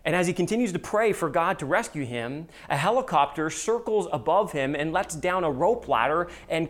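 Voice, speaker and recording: Earnest preaching man, slightly high voice. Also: animated, brisk, few pauses. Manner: earnest prayer, then storytelling preaching. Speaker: pastor. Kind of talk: sermon.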